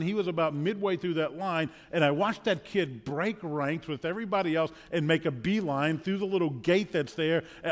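A man preaching a sermon as pastor, telling stories earnestly and repeating words when he presses a point. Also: on the high side. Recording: long hall reverb.

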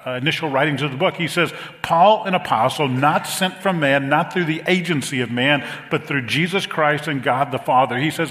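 A middle-aged man preaching a sermon as pastor, animated and repeating phrases for emphasis. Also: medium pitch, normal speed. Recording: long reverb of a large hall.

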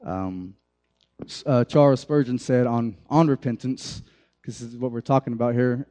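Young male youth preacher, mellow tone, loose talk to a room of teens. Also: medium pitch, moderate pace. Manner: conversational, many fillers and restarts, addresses the group directly. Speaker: youth pastor. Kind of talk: casual sermon.

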